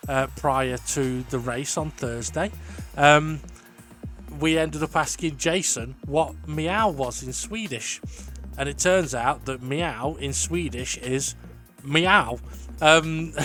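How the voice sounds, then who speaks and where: Jokey guy hosting a racing stream, kinda high voice, lots of ums, faint music behind. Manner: excitable, jokey, full of fillers. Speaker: sim racing league host and commentator. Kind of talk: casual race commentary and banter.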